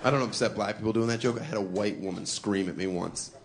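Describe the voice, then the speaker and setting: A male stand-up comedian performing a routine, full of provocative setups and deadpan asides, chuckling at his own lines. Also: on the low side, fast, slight background noise.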